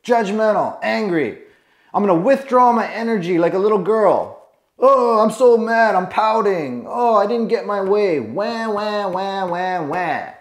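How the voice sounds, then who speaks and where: A man's voice: high voice, expressive, normal speed, echoey room, pitched above the performer's own voice. A man voicing a disappointed, petulant father in his thirties or forties with a sulky, self-pitying whine.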